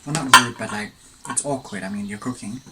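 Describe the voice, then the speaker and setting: A mukbang vlogger tells a rambling, side-tracked story at home between mouthfuls, talking briskly in a fairly low voice. Heavy background noise fills the recording.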